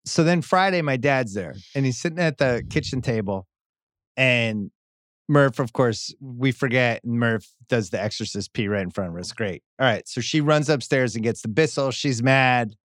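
A middle-aged man chats on a podcast and tells a long story. He acts out other people's lines in a higher voice. The sound is close and dry. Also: expressive, normal speed, fairly bright tone, no room sound. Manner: storytelling, acts out quotes in raised voice. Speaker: podcast host. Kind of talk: casual podcast chat.

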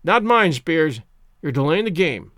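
A man's voice: on the high side, big pitch swings, measured pace, bright, forceful tone, no room sound, studio quality, heavily acted. A man voicing a curt, stern male baseball umpire who gives short, peremptory orders in an audiobook reading.

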